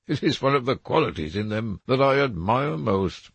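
A man voicing a witty, languid aristocratic gentleman in a drawling, amused manner. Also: medium pitch, lively intonation, moderate pace, vocal fry, breathy edge, dry recording, pitched above the performer's own voice.

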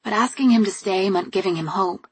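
A woman reading first-person audiobook narration in a calm, measured way. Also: medium pitch, breathy edge, dry recording.

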